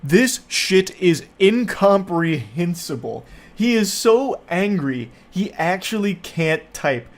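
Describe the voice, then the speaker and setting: Sarcastic man with a slightly high voice. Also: slow pace, few pauses. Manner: sarcastic, profane, deadpan mockery. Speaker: host. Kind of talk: commentary reading text messages.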